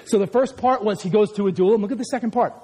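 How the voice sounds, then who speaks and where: A man in his forties preaching a lively sermon, who often breaks into shouts as he acts out scenes. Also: sits high, quick pace. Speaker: pastor who also teaches school.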